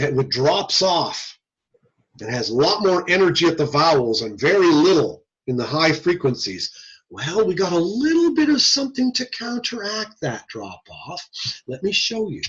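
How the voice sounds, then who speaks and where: Lively husky male lecturer, lo-fi. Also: fairly high pitch. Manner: lively, talks to students with questions. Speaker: audiology lecturer. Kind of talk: recorded classroom lecture.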